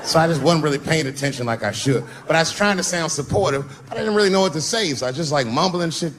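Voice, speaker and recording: A man performing a stand-up comedy set, telling a profane story with animated delivery and sudden jumps in his voice. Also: fairly high pitch, fast, slight background noise.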